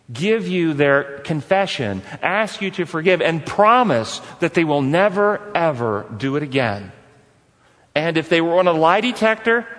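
A man teaching a forgiveness course in an earnest, repetitive way, putting questions to his listeners. His voice sits somewhat high for a man. A long reverb from a large hall trails after his words. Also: fairly bright tone. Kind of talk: teaching talk with stories.

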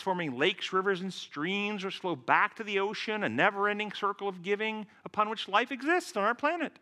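A man, a physician by profession, giving a lecture-style sermon in an earnest, deliberate way, illustrating his points with stories. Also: sits high, sharp tone. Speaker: physician and speaker.

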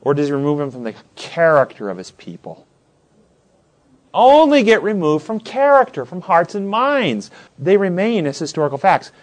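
A man leads a Bible study class with a fairly high voice. His pitch rises and falls all the time. He quizzes the group and acts out the stories he describes. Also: moderate pace. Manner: questioning, animated, acts out scenes.

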